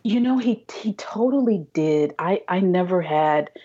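A woman guest on a podcast, telling her story in a halting way, restarting and repeating words. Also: on the low side, lively intonation, dark tone, husky, dull audio. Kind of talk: casual interview storytelling.

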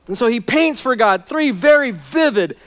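A man's voice: very high voice, expressive, moderate pace, fairly bright tone. A man preaching a sermon as a pastor, earnest and conversational, asking his listeners direct questions.

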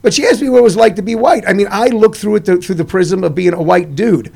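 A middle-aged man hosting a casual talk show, rambling and halting with many fillers. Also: high voice, creaky, darkish tone. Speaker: radio host. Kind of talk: casual chat.

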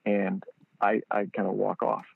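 A man, a product founder being interviewed, telling a lively story and acting out quotes with a jump in pitch. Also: a little slow, creaky, husky, no echo. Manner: animated storyteller, acts out quotes in a higher voice. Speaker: guest, football training product founder. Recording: tinny phone-line audio.

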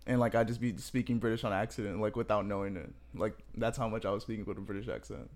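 Laid-back American podcast co-host. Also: male voice, lowish voice, steady tone, quick pace, darkish tone. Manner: laid-back, swearing banter. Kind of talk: casual chat.

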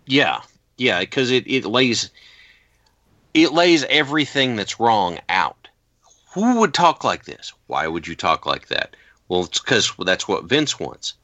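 A man hosting a casual podcast, telling stories in an animated way and acting out quotes. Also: fairly low pitch, a little slow, no echo. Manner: animated storyteller, acts out quotes. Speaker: podcast host.

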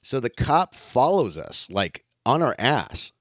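A man telling a story in casual chat, animated and swearing often, acting out what others said. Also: mid-range voice, slow pace, dry recording, studio quality.

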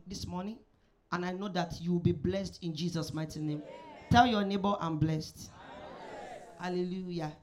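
A woman pastor opening her sermon in a church service. She speaks softly and in a measured way, with frequent amens and hallelujahs. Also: lowish voice. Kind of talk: sermon introduction.

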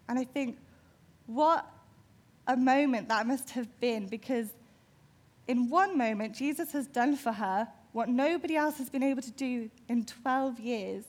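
A woman's voice: fairly high pitch, moderate pace. A woman giving a sermon, retelling a Bible story vividly and imaginatively. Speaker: preacher.

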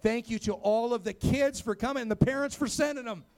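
In a church sanctuary, a young male pastor with a very high voice preaches briskly to kids and adults in a youth and church sermon. He tells his own story, building to rising, emphatic calls.

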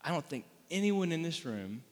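A man's voice: on the high side, big pitch swings, normal speed. A man from Florida preaching a sermon in a casual, conversational way, with asides and rhetorical questions to the room. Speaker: pastor. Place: church hall. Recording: long hall reverb.

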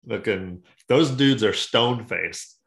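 Man, low voice, podcast co-host, profane joking chat, roomy echo. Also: takes it slowly, gravelly, a bit bright. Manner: profane, jokey, acts out quotes. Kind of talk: casual sports chat.

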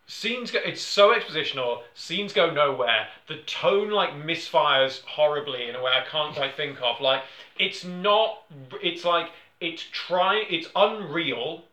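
A man chatting casually on a film podcast, rambling and animated as he acts out quotes. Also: fairly high pitch, a little slow. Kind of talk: casual chat. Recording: roomy echoey room.

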